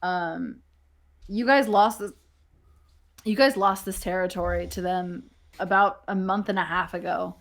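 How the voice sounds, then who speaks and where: A woman's voice: on the low side, unhurried. A woman narrating as game master, casual and salty, swearing freely. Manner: casual, profane, laughing often.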